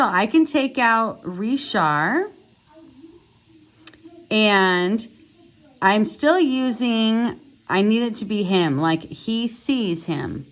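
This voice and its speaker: Slow, patient woman teaching a lesson. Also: medium pitch. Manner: slow, patient explaining with fillers. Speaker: French teacher. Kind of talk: casual recorded lesson. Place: home.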